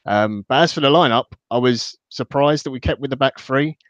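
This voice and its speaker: A man who is a guest on a podcast, giving casual football analysis in a measured way with many fillers. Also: mid-range voice, a bit bright, dry recording. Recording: dull, dry lo-fi audio.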